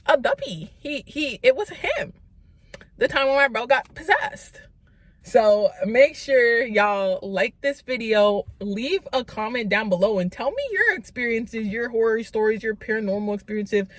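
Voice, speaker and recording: Animated woman vlogger with a high voice. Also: unhurried, no echo. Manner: animated, lots of "like", acts out quotes. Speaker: vlogger telling a story. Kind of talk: casual storytime.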